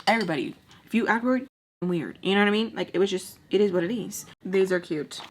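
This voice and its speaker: A young woman chatting through a personal story while doing her makeup, full of "like" fillers, with quotes acted out in lively bursts. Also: medium pitch, quick pace, slight background noise. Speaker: storytime vlogger.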